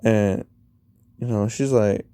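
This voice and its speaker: Slow, mellow man rambling through a story. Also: lowish voice, steady tone, clean tone, no room sound. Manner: rambling, retells dialogue with 'he's like' and 'you know'. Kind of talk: casual fan-fiction storytelling.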